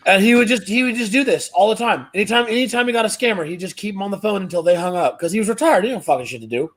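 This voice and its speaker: Dude with a pretty high voice telling a story on a podcast, swears a lot, deadpan. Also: male voice, fast talker. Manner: swears freely, deadpan jokes. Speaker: podcast co-host. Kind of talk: casual storytelling.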